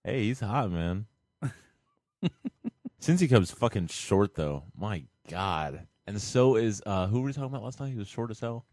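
A man's voice: lowish voice, animated, measured pace, darkish tone, no room sound, studio quality. A young man co-hosting a casual podcast, crude and joking, laughing often. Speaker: podcast co-host.

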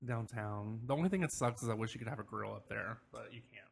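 A man's voice: lowish voice, fast talker, creaky, husky. A young man co-hosting a podcast, rambling in casual chat, sometimes while eating. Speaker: podcast co-host.

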